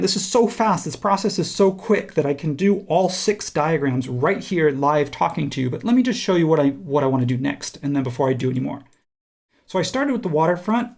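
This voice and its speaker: A man teaching a software tutorial, talking casually and thinking aloud while he clicks through steps. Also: a little high, creaky. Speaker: instructor. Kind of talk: screen-recorded software tutorial.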